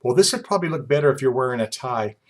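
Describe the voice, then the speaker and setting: Pushy flattering shop girl, played by a man, sweet upsell, mid-pitched. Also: very fast, close to an everyday voice. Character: flattering young saleswoman, bubbly and pushy.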